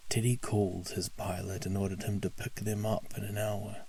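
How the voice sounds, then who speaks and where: A man narrating a story at a slow, calm pace, sometimes dropping to a whisper. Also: on the low side, gravelly, slight background noise. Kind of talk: scripted story narration for sleep.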